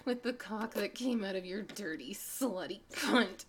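A woman acting in an erotic audio role-play as a desperate, pleading, domineering adult woman, breathy and alternating between whispers and sobs. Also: medium pitch, unhurried, a little hiss or hum, natural voice.

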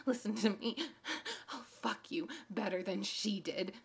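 A woman acting in an erotic audio role-play as a desperate, pleading, domineering adult woman, breathy and alternating between whispers and sobs. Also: mid-range voice, unhurried.

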